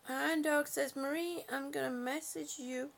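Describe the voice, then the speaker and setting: Woman doing a homey livestream, high voice, gravelly, lots of ums and honeys, reads out comments. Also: fairly even intonation, measured pace. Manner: chatty and affectionate, frequent fillers. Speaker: livestream host. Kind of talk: casual chat reading viewer comments. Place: home.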